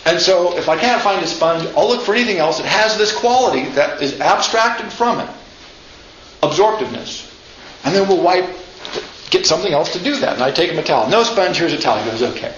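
A man's voice: sits high, expressive, a little fast, a bit bright. A man giving an informal lecture, chatty, often asking "right?" and acting out quotes. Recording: echoey room, slightly dull sound, faint noise.

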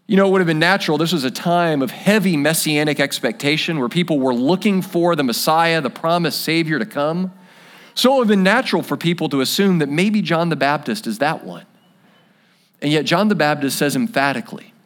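A man preaching a sermon in an earnest, reflective way, letting key lines fall soft and quiet. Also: on the high side, expressive, a little fast. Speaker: pastor.

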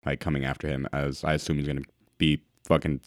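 Deep voiced dude playing a tabletop game, chill and rambly. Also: male voice, little pitch movement, fast, no echo, studio quality. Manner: casual, laid-back, filler-heavy. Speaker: player. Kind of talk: tabletop role-play chat.

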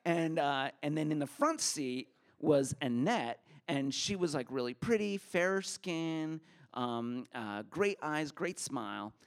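A man telling a personal story at a live story slam, lively and animated. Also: fairly high pitch, slow. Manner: animated, acts out the other people in his story. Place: theater stage before a live audience.

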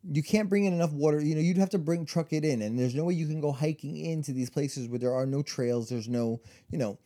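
A man's voice: fairly high pitch, a little fast, mellow. A man co-hosting a podcast, telling a story in casual chat, rambling with lots of fillers and restarts. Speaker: podcast co-host.

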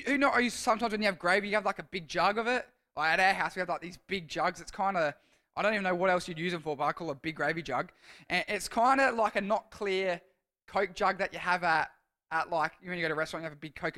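A man with an Australian accent delivers a casual sermon as a long personal story. His voice sits high for a man and rings bright and forceful. He rambles and restarts his sentences as he talks. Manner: rambling, self-correcting storyteller. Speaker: youth speaker.

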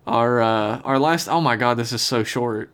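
Regular-pitched podcast dude, laid back, swears a lot, reads out emails. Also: male voice, moderate pace, fairly bright tone, clean tone. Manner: loose, profane, reads listener emails aloud. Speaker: podcast co-host. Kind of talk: casual chat.

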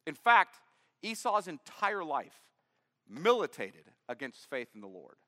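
A man's voice: a little high, sing-song, a little slow, bright, forceful tone, long reverb tail. A man preaching a sermon, reading scripture aloud and then explaining it in plain words. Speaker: pastor. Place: church.

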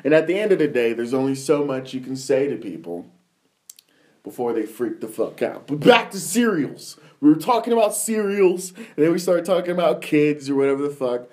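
Un hombre joven en una charla informal de podcast, que divaga con muchas palabrotas y se ríe mientras cuenta anécdotas. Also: male voice, a little high, lively intonation, brisk, few pauses, a little mellow. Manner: profane, rambling storytelling with frequent laughter. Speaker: podcast host. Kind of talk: casual chat.

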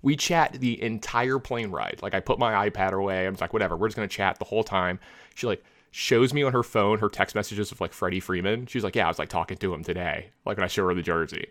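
A man telling a long story in casual podcast chat, rambling, full of filler words and lively retellings. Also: low voice, fast talker, no echo.

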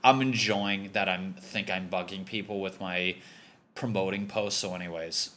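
A man's voice: low voice, steady tone, normal speed, fairly bright tone, slight background noise. Profane, rambling young man from Connecticut. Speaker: podcast host. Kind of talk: comedic rambling monologue.

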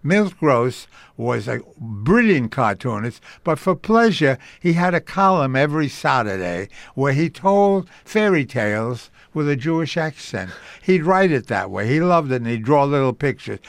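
An older man with a gravelly voice tells long stories in an interview. He acts out the people he quotes, and his voice rises and falls with the telling. The recording is close and dry. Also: mid-range voice, a little slow, hardly any pauses, no echo. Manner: animated storyteller acting out quoted voices. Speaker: interviewee recalling a radio career. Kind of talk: storytelling interview.

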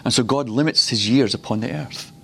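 A man from Glasgow preaching a teaching session to a class, with a voice of middling pitch. He tells stories and slows down, repeating words for emphasis, with a faint hiss of noise behind him. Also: gravelly, fairly bright tone. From Glasgow, Scotland. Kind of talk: teaching sermon.

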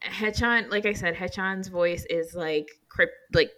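A woman co-hosting a casual fan chat, talking in an animated, emphatic way. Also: fairly low pitch, measured pace. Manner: animated, emphatic, playfully defensive. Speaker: podcast co-host.

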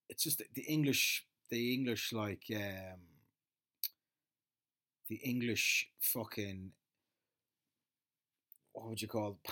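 A man from Ireland ranting in a casual, rambling monologue, sarcastic and swearing a lot. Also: mid-range voice. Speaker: solo commentator.

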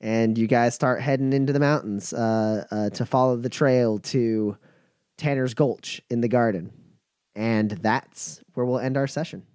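A man narrating a tabletop game as game master, halting with many fillers. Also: medium pitch, a little mellow, smooth, no room sound, studio quality.

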